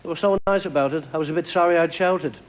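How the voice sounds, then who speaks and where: A man doing a stand-up comedy set of quick one-liners on a TV show. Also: a little high. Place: TV studio with live audience. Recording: live TV show with crowd laughter and noise.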